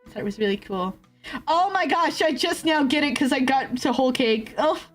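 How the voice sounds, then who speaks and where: A woman streamer chatting casually with viewers, rambling with fillers and laughs and swinging between excited yelps and low grumbles. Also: brisk. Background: faint background music.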